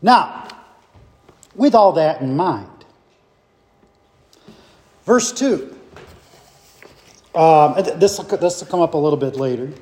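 High-voiced man leading a Bible study. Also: animated, takes it slowly, long pauses, darkish tone, long reverb tail. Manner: conversational, questions the group as he teaches. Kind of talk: informal Bible teaching with group discussion.

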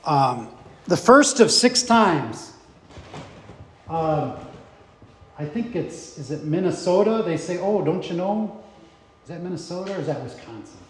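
A man's voice: on the high side, big pitch swings, measured pace, long pauses, in a large hall. A man leading an informal Bible study, teaching conversationally and putting questions to his group.

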